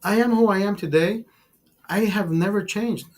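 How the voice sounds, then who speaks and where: A man's voice: sits high, moderate pace. A man hosting a casual livestream, ranting emphatically with a lot of swearing, often calling his listeners brother and repeating words as he goes. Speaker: livestream host.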